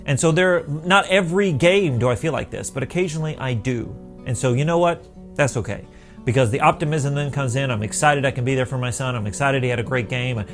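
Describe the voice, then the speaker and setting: A man's voice: medium pitch, expressive, fairly quick, soft background music. A middle-aged man talking to camera in an earnest, rambling, encouraging way, with restarts and bits of self-talk. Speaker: vlogger on living with sight loss.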